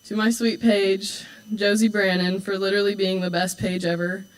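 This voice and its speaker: A girl in her late teens speaks to her school from a prepared speech, her voice sitting at an ordinary middle pitch. She moves between sincere thanks and playful, deadpan jabs at classmates and teachers. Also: normal speed, smooth, poor audio. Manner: warm, teasing, with dry asides. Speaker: homecoming court candidate.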